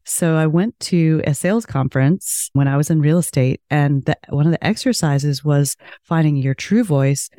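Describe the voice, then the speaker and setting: A woman with a low-toned voice, a podcast guest telling a story in casual conversation. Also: normal speed, warm tone, no room sound, clean studio sound.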